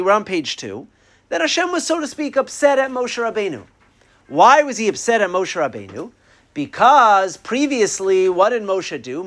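A man gives a Torah class in a high, lively voice that swoops up and down as he works through the sources. He reads Hebrew lines aloud and then plays out the back-and-forth between the figures with feeling. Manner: animated, quoting Hebrew texts and acting out exchanges. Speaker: Torah teacher. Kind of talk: Torah class on the weekly portion.

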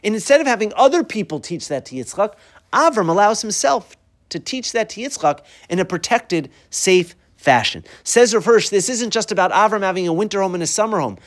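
A man's voice: sits high, lively intonation, a little fast. A middle-aged man teaching a weekly Torah class in a conversational way, asking rhetorical questions and mixing in Hebrew and Yiddish terms.

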